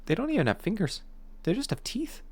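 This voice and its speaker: A man putting on a high mock-Irish storyteller. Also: big pitch swings, a little fast, no room sound, heavily acted. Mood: theatrical. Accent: put-on Irish. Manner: theatrical, sing-song storytelling. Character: high-pitched mock-Irish man spinning a dramatic tale.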